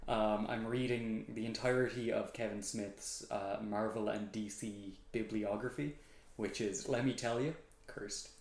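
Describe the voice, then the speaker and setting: A man's voice: fairly low pitch, steady tone, measured pace, reverberant. A man co-hosting a movie podcast, laid-back and dry with hesitant fillers. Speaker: podcast co-host. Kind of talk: casual chat.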